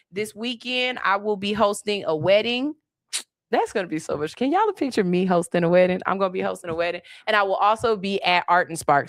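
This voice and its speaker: A woman's voice: medium pitch, dry recording. Chatty woman podcast host, dry sound. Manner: animated storytelling with laughs. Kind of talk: casual comedic chat.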